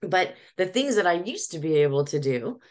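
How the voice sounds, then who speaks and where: Woman in her forties, low voice, animated interview guest who laughs often. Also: moderate pace. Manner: animated storyteller, frequent laughs and restarts. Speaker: professional organizer, guest. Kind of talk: casual interview chat.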